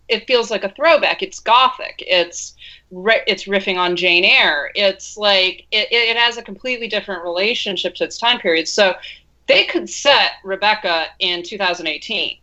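A woman's voice: medium pitch, moderate pace, pushed and bright. A woman co-hosting a casual film podcast, talking things through with many restarts. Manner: thoughtful, talks in restarts. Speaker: podcast co-host. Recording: dull lo-fi sound.

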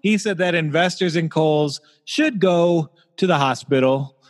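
A man with a slightly high voice hosts a casual comedy podcast. He delivers dry, wry jokes while reading out figures. His voice carries a long, hall-like reverb. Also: measured pace. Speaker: podcast host.

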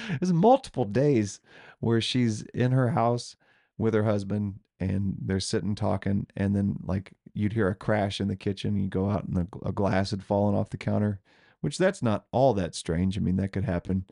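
A man's voice: lowish voice, normal speed, vocal fry, mellow, dry recording, studio quality. A man co-hosting a podcast, telling a ghost story in a loose, rambling way and laughing often. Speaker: podcast co-host.

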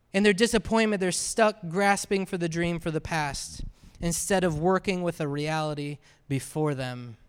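A man's voice: sits high, a bit bright, clean tone. A man preaching a sermon as a pastor, talking conversationally and often asking the congregation "right?". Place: church sanctuary. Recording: reverberant hall.

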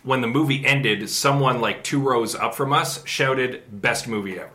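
An easygoing man chatting about what he has been watching. His voice is bright at a middle pitch, and he talks with an easy enthusiasm. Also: unhurried. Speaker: podcast co-host. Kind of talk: casual chat.

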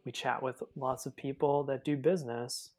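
A man with a mid-pitched voice who speaks in an even, flat tone. As a podcast guest he talks about his own show in a plain, matter-of-fact way. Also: moderate pace. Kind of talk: casual podcast chat.

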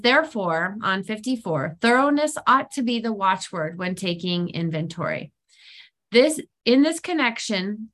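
A middle-aged woman sharing openly in a plain, mid-pitched voice. She talks frankly and pokes fun at herself, and her voice lifts higher and livelier whenever she quotes her own thoughts. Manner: frank, self-deprecating, animated when quoting herself. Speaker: speaker sharing on recovery program. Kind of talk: candid personal sharing talk.

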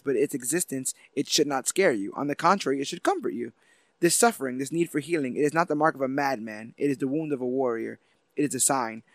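A man's voice: medium pitch, fairly bright tone, dry recording, natural voice. A man reading a superhero's solemn speech aloud, declaiming in his own voice.

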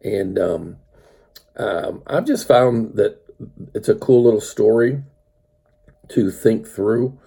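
A man's voice: fairly low pitch, slow, vocal fry, pauses often, mellow, slightly rough. An older man reading a children's story aloud, then talking unhurriedly with many fillers. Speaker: speaker reading a story to his grandchild.

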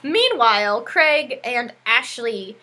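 A woman's voice: on the high side, animated, slow, bright, forceful tone. A woman co-hosting a podcast, casually recapping a TV episode, laughing often and acting out the characters' lines. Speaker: podcast co-host.

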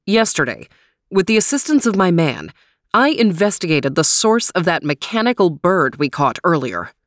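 Brief: woman voicing a methodical male dog detective, formal and measured, low voice. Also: very animated, dry recording, studio quality. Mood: serious.

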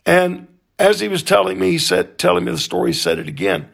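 A man telling a personal story in a slow, halting, earnest way, with frequent pauses. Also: high-pitched, level tone, gravelly, a bit bright, husky.

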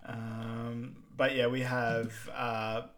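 Male co-host, laid-back, filler-heavy, mid-pitched voice. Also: drawn-out words. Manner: relaxed, lots of ums, plain storytelling. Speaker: podcast co-host. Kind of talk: casual chat, film rewatch recap.

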